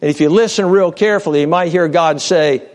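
A man preaching a sermon with passion, swinging between raised cries and low hushed storytelling, often restarting words and speaking straight to his listeners. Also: brisk. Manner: repeats and restarts words, direct address to listeners. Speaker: pastor.

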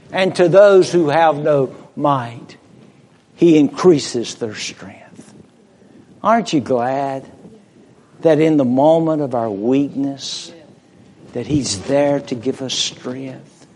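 A preacher delivering a sermon slowly and deliberately, swelling to loud emphasis and dropping to a hush. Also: male voice, mid-range voice. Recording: long reverb of a large hall.

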